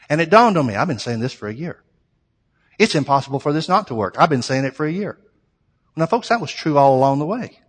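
A man's voice: fairly high pitch, sing-song, fast talker, long reverb tail. A middle-aged man preaching a sermon, emphatic and repetitive, building his phrases to strong peaks.

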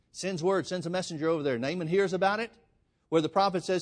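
A man's voice: on the high side, fast. A man preaching a sermon, telling a story with emphatic delivery. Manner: emphatic storytelling, addresses the congregation as folks.

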